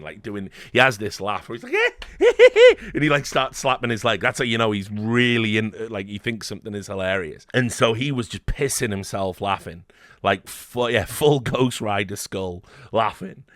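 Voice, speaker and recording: A man's voice: on the low side, moderate pace, dry recording, clean studio sound. A man casually telling a behind-the-scenes story, swearing often and acting out the voices of the people he quotes. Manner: animated, swearing, with frequent fillers and quoted voices. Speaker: host.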